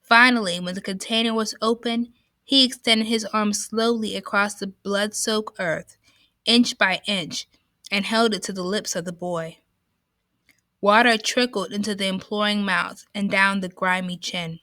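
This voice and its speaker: A woman reading a novel aloud in a slow, careful way, with a few small slips. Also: mid-range voice, steady tone, pushed and bright, no echo.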